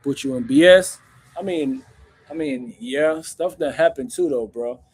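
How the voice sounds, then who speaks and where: A husky-voiced man hosts a casual live Q&A. He talks bluntly in street slang and keeps calling the listener bro. His pitch sits in the middle of the usual range for a man. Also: measured pace. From Jamaica. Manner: blunt street talk, calls the viewer bro, loud bursts when acting out stories. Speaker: host answering viewer questions.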